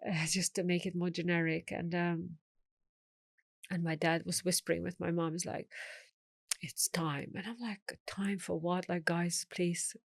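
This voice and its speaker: A woman's voice: on the low side, level tone, moderate pace, vocal fry, dry recording, studio quality. A middle-aged woman, a guest telling her life story in an interview, acting out the voices of the people she quotes.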